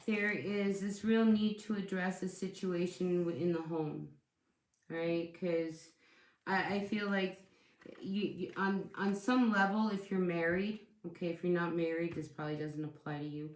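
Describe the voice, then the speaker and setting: A woman talks through a tarot spread in a loose, chatty way, often doubling her words as she restarts. Her tone is reassuring and her voice sits in a middle pitch. She is recorded in a room with a noticeable echo. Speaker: tarot reader. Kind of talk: casual tarot reading.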